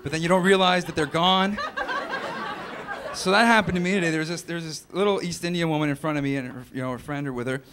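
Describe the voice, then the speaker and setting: A young man works through a stand-up set on a club stage. He rambles in an offhand way, with a voice pitched a little high for a man. The club recording carries plenty of noise behind him. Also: fairly even intonation, fast talker, crowd noise. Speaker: stand-up comedian. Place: comedy club stage with a laughing audience.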